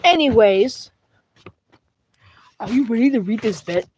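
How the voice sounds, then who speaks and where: Playing puppeteer at home, a young woman with a British accent argues back and forth between two plush toys in one voice, tripping over her words, starting over and rambling. She sounds fairly high, expressive and a bit slow, darkish with a breathy edge, on lo-fi audio.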